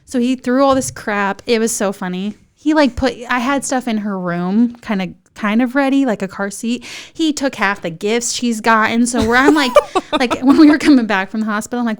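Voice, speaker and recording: A young woman, a podcast guest telling a funny story in a lively, animated way and acting out other people's voices. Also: brisk, smooth. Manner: lively, acts out voices of others in high excited tones. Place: podcast studio.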